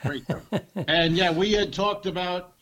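A man's voice: sits high, measured pace, a bit bright. A man co-hosting a comedy podcast, telling jokes and road stories in loose, casual chat and swearing freely.

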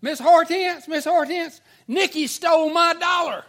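A man voicing a whiny tattletale little schoolgirl in a shrill, pleading voice. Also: unhurried, a bit bright. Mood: tattling.

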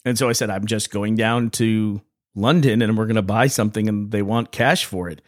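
A man's voice: lowish voice, fairly even intonation, normal speed, no room sound, clean studio sound. A man hosting a podcast, rambling through casual stories and chuckling often. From United States. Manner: rambling storyteller, laughs often. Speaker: podcast host. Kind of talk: casual chat.

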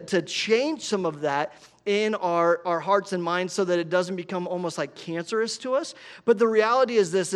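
A man in his thirties, a pastor preaching a conversational, animated sermon full of personal stories and frequent "right?" asides. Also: high-pitched.

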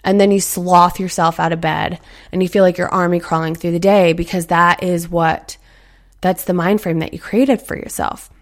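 A woman's voice: on the low side, fairly even intonation, normal speed. A woman in her thirties hosting a casual motivational talk, chatty and earnest, acting out inner voices as she goes. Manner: earnest, encouraging.

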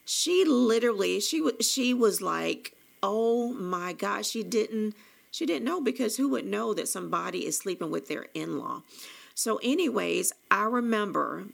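Woman, gravelly fry, gossipy storyteller, mid pitch. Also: animated, moderate pace. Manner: gossipy, with fillers and restarts. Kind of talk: personal storytelling.

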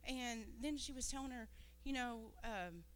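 High-voiced woman rambling earnestly to a congregation. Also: measured pace, clear, resonant tone. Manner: rambling, earnest, loses her train of thought. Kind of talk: testimony to a church congregation.

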